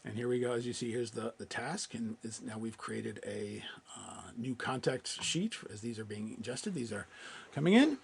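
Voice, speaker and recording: A man presenting a software webinar, walking through a live screen-share demo in a loose, conversational way with many fillers and restarts. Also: medium pitch, lively intonation, normal speed, creaky, husky.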